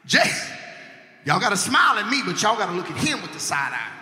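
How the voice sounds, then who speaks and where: A man preaching a sermon to a congregation, going from quiet talk to shouted, sung-out lines and calling for responses. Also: high-pitched, wildly swooping pitch, fairly quick. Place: church. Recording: echoey church hall with music behind.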